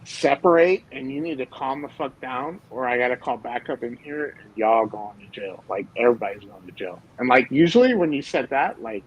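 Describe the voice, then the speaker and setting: A man's voice: medium pitch, a little fast, hardly any pauses, lo-fi sound. Guy rambling thru cop stories, like every other word, bit of background hiss. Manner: animated storytelling with lots of fillers. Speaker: former police officer. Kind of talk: casual chat.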